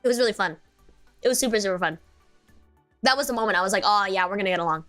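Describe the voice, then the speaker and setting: A young woman chatting on a livestream. She rambles and giggles through her stories, leaning on filler words, at an ordinary pitch. Soft music plays faintly behind her. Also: expressive, very fast. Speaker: VTuber streamer. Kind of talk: casual stream chat.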